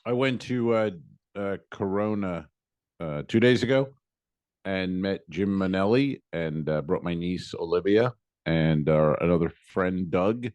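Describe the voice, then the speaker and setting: A man's voice: low voice, a little slow, no echo, highs cut off. A man co-hosting a comedy podcast, telling a rambling story and acting out what people said. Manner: rambling, animated, quotes people in voices. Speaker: podcast co-host. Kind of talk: casual storytelling.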